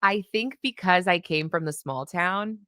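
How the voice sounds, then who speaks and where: A woman's voice: fairly low pitch, unhurried, sharp tone, dry recording, studio quality. A woman from Canada, a guest in a casual interview, telling stories and laughing through them often.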